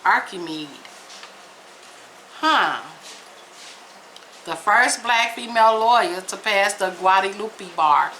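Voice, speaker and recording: A woman vlogger, reading aloud slowly and reacting with emphatic exclamations. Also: mid-range voice, pushed and bright, slight background noise, rough recording. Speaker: vlog host reading aloud.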